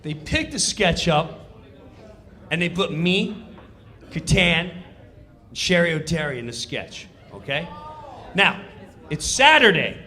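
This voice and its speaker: A man telling an animated comedic backstage story, acting out the scene as he goes. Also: a little high, takes it slowly, pauses often.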